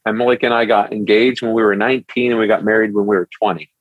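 A man's voice: on the low side, quick pace, no echo, narrow, tinny audio. A middle-aged man who is a pastor, guesting on a podcast and telling stories animatedly in a casual interview. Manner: animated storyteller who acts out quotes.

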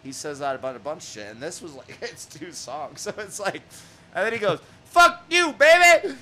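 A man hosting a music podcast in casual chat, profane and excitable, laughing often and shouting out lines he quotes. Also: fairly high pitch, fairly quick, slight background noise. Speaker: podcast host.

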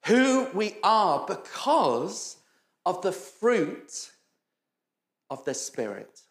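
A man's voice: high-pitched, sing-song, very slow. A man preaching a sermon, telling funny stories, acting out the voices of the people in them and laughing often. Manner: storytelling, acts out quoted voices, laughs often. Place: church hall. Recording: echoey church hall.

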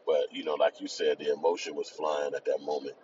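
A man's voice: very deep voice, a little fast. A man co-hosting a casual talk show, talking in a loose, profane way. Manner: animated, profane, jokes in put-on voices. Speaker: podcast co-host. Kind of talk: casual commentary. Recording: distant, dull mic with faint noise.

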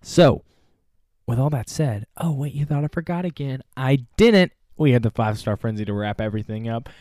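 A man hosting a casual football recap, joking and animated, with big swings in his voice. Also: medium pitch, a little fast, no echo, studio quality. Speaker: sports show host.

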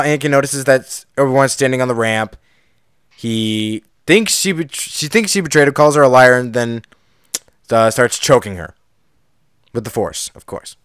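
A man's voice: mid-range voice, clean tone, no room sound, clean studio sound. A man co-hosting a casual podcast, recapping a film scene by scene and acting out the characters' lines as he goes. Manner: animated storyteller, acts out quotes, laughs often. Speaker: podcast co-host.

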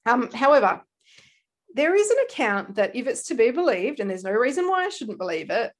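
Animated Australian woman co-host, chatty storyteller, laughs easily. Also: a little high, fairly quick. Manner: animated storyteller, laughs often, slips into quoted voices. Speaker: podcast co-host. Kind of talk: casual true-crime podcast chat.

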